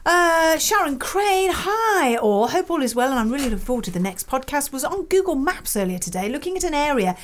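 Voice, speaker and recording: A woman's voice: sits high, very animated, brisk, hardly any pauses, slight background noise. A woman co-hosting a podcast, chatting casually and reading listener emails aloud in a playful, giggly way. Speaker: podcast co-host.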